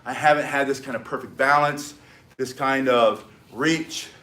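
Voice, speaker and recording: An older American man with an excitable, energetic manner, teaching self-defense in a live-streamed martial arts lesson and barking short emphatic commands. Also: mid-range voice, measured pace. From United States. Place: home in South Florida.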